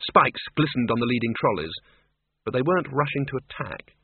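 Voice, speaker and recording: A man narrating a comic audiobook with lively delivery. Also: medium pitch, a little fast, breathy edge. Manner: animated, lively. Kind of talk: audiobook reading with character voices. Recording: tinny phone-like dry audio.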